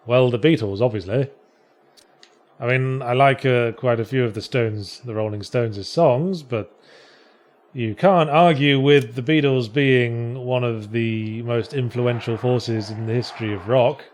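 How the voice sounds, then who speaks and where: A man's voice: mid-range voice, a little slow. A man, co-hosting a casual chat and reading out viewer questions, with dry, wry remarks.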